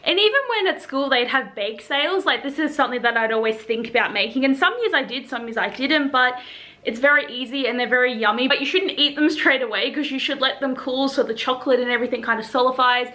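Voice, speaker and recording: A woman's voice: sits high, fast talker, bright, forceful tone. A young Australian woman vlogging in casual chat to camera, gushing and chatty, with lots of "like" as she talks.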